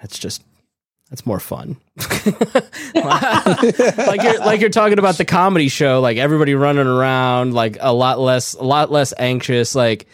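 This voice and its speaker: A man's voice: medium pitch, moderate pace, no echo, clean studio sound. A man co-hosting a casual podcast chat, rambling and self-interrupting in a playful way. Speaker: podcast co-host.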